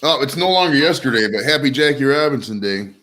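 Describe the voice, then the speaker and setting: A man's voice: mid-range voice, expressive, quick pace, fairly bright tone, rough recording. A man hosting a podcast in casual chat, riffing in a jokey, profane way. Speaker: podcast host.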